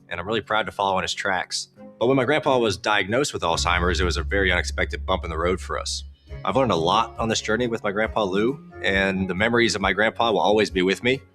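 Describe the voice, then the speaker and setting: A man's voice: on the low side, fairly bright tone. A man reading a scripted public service announcement in an earnest way. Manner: earnest, quick read.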